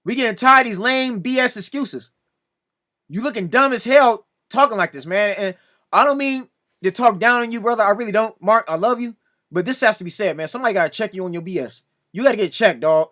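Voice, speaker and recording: A man talks through a sports reaction video in a high voice, arguing straight at another commentator. His tone is bright and forceful, and he keeps pleading with exasperation as he makes his case. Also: brisk. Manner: exasperated, repeatedly pleading "come on now"; addresses another commentator directly.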